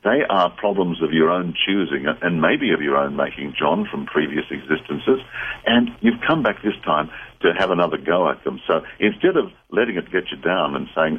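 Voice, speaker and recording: Deep husky man, radio guest giving earnest advice, phone-like band. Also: expressive, moderate pace. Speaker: psychic medium guest. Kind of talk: radio call-in answers.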